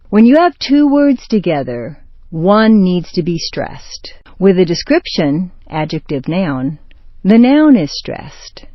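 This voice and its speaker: An American woman teaching pronunciation, reading short example words and phrases with slow, exaggerated clarity. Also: lowish voice, no echo, dull audio. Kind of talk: scripted pronunciation lesson.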